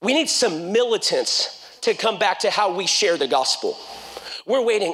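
Pastor, high voice, fervent sermon delivery that rises to shouting, with jokey asides. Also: male voice, lively intonation, moderate pace. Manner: fervent, builds to shouting, then jokes.

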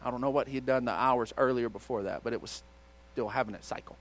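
A middle-aged male pastor telling a story in a sermon, shifting between loud outbursts and hushed retelling. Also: medium pitch, fast. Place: church auditorium.

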